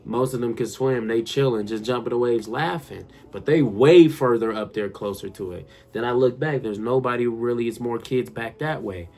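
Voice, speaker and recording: A young man telling a funny personal story straight to his viewers, animated and slangy, often calling them "y'all". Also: mid-range voice, normal speed, few pauses, a little hiss or hum. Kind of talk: casual storytime monologue.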